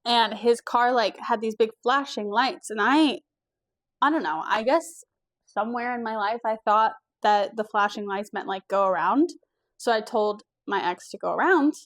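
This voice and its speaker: A young woman from the US East Coast telling a personal story in a casual vlog, candid and animated, swearing now and then. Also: fairly high pitch, moderate pace. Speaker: vlogger.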